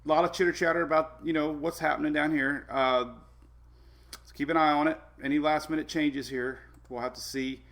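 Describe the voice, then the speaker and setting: A man's voice: on the high side, fairly even intonation, brisk, fairly bright tone. A man hosting a casual weather live stream, chatty, laughing often and talking to his dogs between updates.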